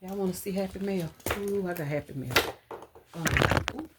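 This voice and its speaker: A woman chatting casually to her viewers at home, calling them y'all and counting out loud as she goes. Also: on the low side, moderate pace, heavy background noise. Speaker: budgeting vlogger. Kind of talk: casual chat to camera. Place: home room. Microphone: camera on a stand.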